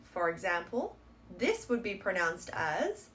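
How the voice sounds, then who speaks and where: A woman teaching a pronunciation lesson, explaining patiently and sounding out model words slowly and clearly. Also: mid-range voice, lively intonation, fairly bright tone. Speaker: Korean language teacher.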